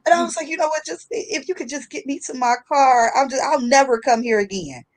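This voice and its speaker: A woman hosts a casual talk show, her voice sitting a little high. She tells stories in an animated, slangy way and laughs often as she talks. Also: a little fast. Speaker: host. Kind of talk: casual chat storytelling.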